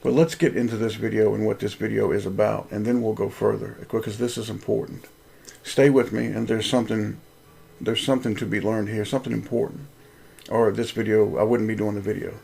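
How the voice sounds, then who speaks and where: A man's voice: fairly low pitch, level tone, a little fast, creaky, dark tone, breathy edge. A man, host of a Christian video channel, reading aloud a story he wrote, in an earnest, preacherly way.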